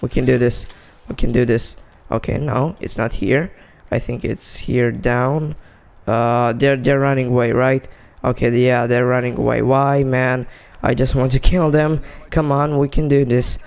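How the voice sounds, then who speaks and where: Excitable gravelly man gaming. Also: medium pitch, measured pace. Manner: excitable, talks to himself and teammates, frequent exclamations. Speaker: gamer. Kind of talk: excited gameplay commentary.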